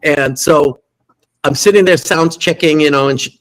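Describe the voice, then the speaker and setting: A man who is a guest musician, telling lively anecdotes in an interview and acting out the quotes. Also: on the high side, normal speed, poor audio. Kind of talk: storytelling interview.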